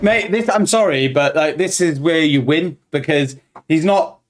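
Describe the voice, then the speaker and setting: A man co-hosting a reaction video, talking excitedly, swearing and laughing. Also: a little high, a little slow, a little hiss or hum. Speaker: reaction channel host. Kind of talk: casual reaction chat.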